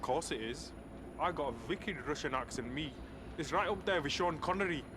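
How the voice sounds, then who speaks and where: A man's voice: fairly high pitch, lively intonation, moderate pace, lightly acted. Guy doing a cheeky lad talking his mate into a night out, bouncy voice, noisy game audio. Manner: jokey, persuasive banter. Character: cheeky young man urging a mate out drinking. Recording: game audio with clear background noise.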